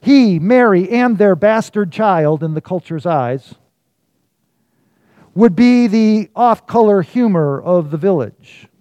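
A man preaching a sermon, telling a story and swinging from loud emphasis to hushed, quiet lines. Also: sits high, lively intonation, slow, dry recording, muffled recording. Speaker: pastor.

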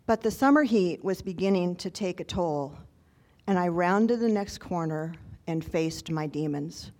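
A woman's voice: lowish voice, lively intonation, unhurried, a little mellow. A woman telling a personal story to an audience in an earnest, reflective, conversational way.

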